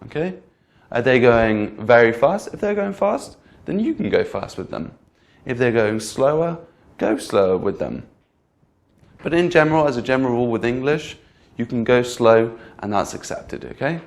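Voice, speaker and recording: A man teaching English pronunciation in a clear, patient lesson, repeating example words and checking in with the learner. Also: medium pitch, lively intonation, moderate pace. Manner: patient, repeats each example word twice; addresses the learner directly with frequent "okay?". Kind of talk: slow, clear instructional lesson.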